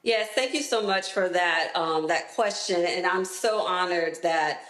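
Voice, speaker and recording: A woman interviewed as a health expert, answering in a clear, deliberate, explanatory way. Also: fairly low pitch, fairly bright tone, echoey room.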